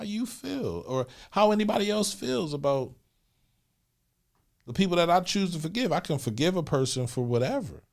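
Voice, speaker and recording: Man in his forties, podcast co-host, gravelly texture, loose slangy delivery with repeated restarts. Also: a little high, sing-song, moderate pace. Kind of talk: candid podcast conversation.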